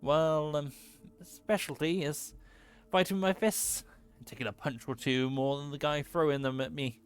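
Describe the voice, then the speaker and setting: A man puts on a burly bearded brawler from a video game, friendly and folksy, who calls people lad. The voice sits a little above his usual pitch and is read with plain, homely warmth of manner. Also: steady tone, moderate pace, smooth, faint music behind, natural voice. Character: gruff bearded male brawler trainer, friendly.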